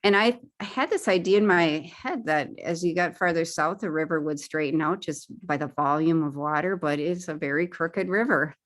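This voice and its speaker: A woman's voice: low-pitched, normal speed, hardly any pauses. A woman speaking as a guest at a paddling club, casually describing her trip and pointing out pictures on her slides, with frequent fillers and restarts.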